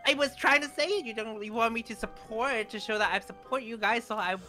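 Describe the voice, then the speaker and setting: A man's voice: very high-pitched, brisk, over music. A man roleplaying in a Minecraft series who talks in a flustered, stammering way and keeps repeating words. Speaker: roleplay player.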